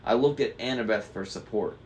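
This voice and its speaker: A man reads a novel aloud in a casual, unpolished way, stumbling now and then over hard words. His voice sits low. Faint background noise runs under the recording. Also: brisk. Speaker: book reader.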